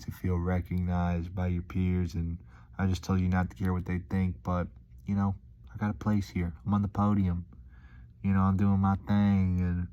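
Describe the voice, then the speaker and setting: The audio is dull, and the voice is low and warm: a young man vlogging casually to his viewers. He drifts from point to point in relaxed slang, leaning heavily on fillers.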